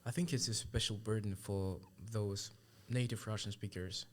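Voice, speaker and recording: A man hosting a podcast interview, asking measured questions in slightly halting phrasing. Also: on the low side, fairly even intonation. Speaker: podcast host.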